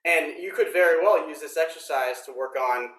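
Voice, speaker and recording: A man teaching snare drum technique in a workshop, explaining step by step in a relaxed way with frequent ums. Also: a little high, moderate pace, far from the mic. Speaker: drum instructor. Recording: roomy echo.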